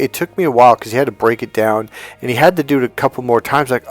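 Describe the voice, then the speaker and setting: Middle-aged man telling an animated story. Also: medium pitch, very fast, hardly any pauses. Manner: animated storyteller, acts out quotes. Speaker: dating coach. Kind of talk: storytelling vlog.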